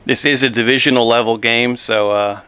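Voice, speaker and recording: A man's voice: medium pitch, moderate pace, clear, resonant tone, dry recording. Rambling man with a throaty morning voice. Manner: relaxed, rambling, many ums and uhs. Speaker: wargaming channel host. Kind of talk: casual solo tabletop game walkthrough. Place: home basement game room.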